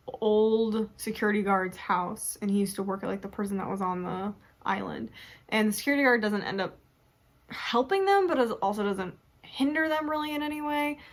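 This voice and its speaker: A young adult woman reviewing a book in casual chat, animated and chatty, who often laughs and acts out her own reactions. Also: medium pitch.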